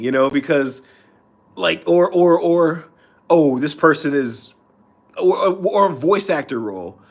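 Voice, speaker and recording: A man ranting on an unscripted live stream and reading comments, heated and profane, with his voice swinging sharply up and down. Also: mid-range voice.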